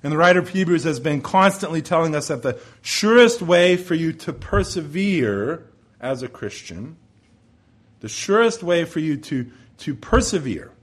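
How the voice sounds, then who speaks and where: A pastor delivers his sermon in a fairly high male voice. He speaks in an earnest, measured way, pausing to explain and restate his points.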